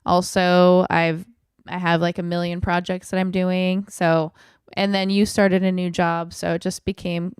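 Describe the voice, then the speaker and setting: A woman's voice: fairly low pitch, flat delivery, measured pace, smooth, dry recording, clean studio sound. A woman co-hosting a podcast, chatting casually, laughing often and trailing off into fillers. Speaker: podcast co-host.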